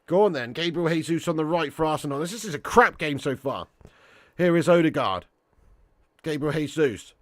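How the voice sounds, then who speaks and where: Excitable, very animated male football streamer. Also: a little high, no room sound, studio quality. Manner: excitable, slangy, quick to indignant outbursts. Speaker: match watch-along host. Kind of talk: live football commentary and chat reading.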